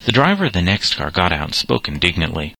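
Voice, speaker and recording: A man reading a novel aloud as narrator, steady and measured. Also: sits low, vocal fry, no room sound.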